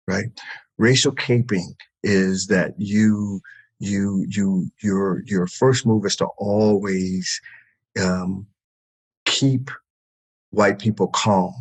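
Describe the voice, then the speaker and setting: A man's voice: fairly low pitch, slightly rough. A man, a therapist and podcast guest, telling a story in casual interview talk, emphatic, with many restarts, repeated words and swearing.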